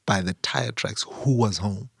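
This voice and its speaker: A middle-aged man from Zimbabwe co-hosting a podcast, telling stories in a measured, careful way. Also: lowish voice, gravelly, husky. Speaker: podcast co-host. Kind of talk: casual chat.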